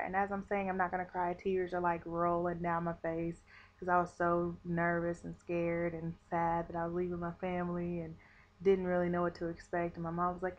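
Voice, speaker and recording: Chatty woman with a flat low voice. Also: moderate pace. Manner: chatty, many fillers, acts out quotes. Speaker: vlogger. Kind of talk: casual storytelling to camera. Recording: dull lo-fi webcam audio.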